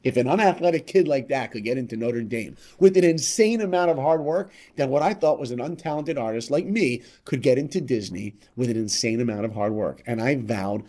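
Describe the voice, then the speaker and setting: A man on a podcast telling a motivational life story, speaking straight to listeners and swinging between loud emphasis and quiet asides. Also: medium pitch, expressive, a little fast, hardly any pauses. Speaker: podcast guest.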